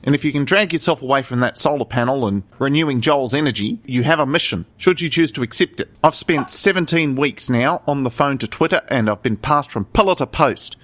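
A man's voice: medium pitch, fairly quick, hardly any pauses, fairly bright tone, close to an everyday voice. A man playing a stern evangelist boss who brushes off a desperate ex-employee on the phone in an improvised comedy sketch. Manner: brusque, dismissive.

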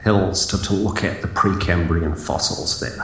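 A man's voice: deep voice, moderate pace, fairly bright tone, roomy sound. A man debating in a comedy sketch, who speaks in a wry, mock-formal and teasing way.

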